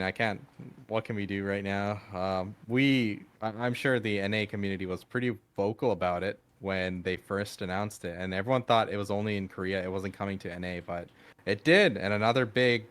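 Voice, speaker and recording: A man co-hosting a casual gaming podcast, talking frankly and relaxed, often starting with "I mean" and laughing easily. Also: fairly low pitch, moderate pace, smooth. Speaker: podcast co-host.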